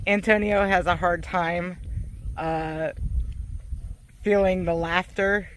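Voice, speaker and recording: A woman chatting casually to camera while her husband works on the farm, talking warmly about faith and laughing often. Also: on the low side, fairly even intonation, takes it slowly, slight background noise. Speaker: farm vlogger.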